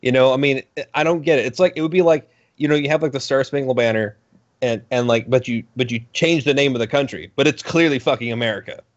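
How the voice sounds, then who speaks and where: A man's voice: mid-range voice, fast talker. A man in casual podcast chat, ranting animatedly and swearing, slipping into mocking voices. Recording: dull lo-fi sound.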